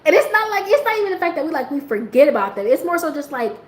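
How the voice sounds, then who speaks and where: A woman talking casually, rambling in slang, laughing often and jumping into high squeals when she quotes herself. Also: big pitch swings, fast talker. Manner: slang-heavy, rambling, trailing off quietly. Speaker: host. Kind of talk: casual chat. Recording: echoey room with faint ambient noise.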